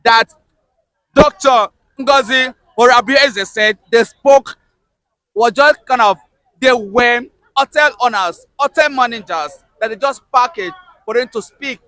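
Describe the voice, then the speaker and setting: A male journalist asking measured questions in a street interview and pressing on over interruptions. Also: very high-pitched, pushed and bright, dry recording, low-quality recording.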